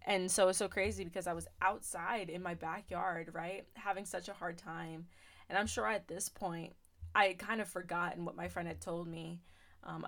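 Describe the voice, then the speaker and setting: A woman's voice: fairly low pitch, fairly bright tone. A young woman hosting a podcast, telling a personal faith testimony in an earnest, emotional way, with lots of fillers. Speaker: podcast host.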